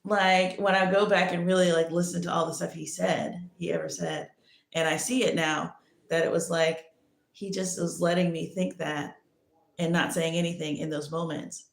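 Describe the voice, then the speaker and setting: Creaky-voiced woman telling a rambling story. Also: fairly low pitch, little pitch movement, normal speed. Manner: rambling, many restarts and "like"s. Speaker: podcast host. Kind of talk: casual personal storytelling. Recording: echoey room.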